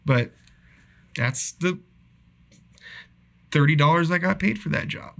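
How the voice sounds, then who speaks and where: A man casually telling profane, animated stories about his cable installer job. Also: fairly high pitch, slow, vocal fry. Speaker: podcast guest, cable installer. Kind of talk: casual storytelling.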